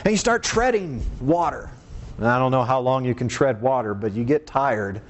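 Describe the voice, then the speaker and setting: A man preaching a sermon and reading scripture aloud, earnest, asking rhetorical questions and dropping low and slow to stress a point. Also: expressive.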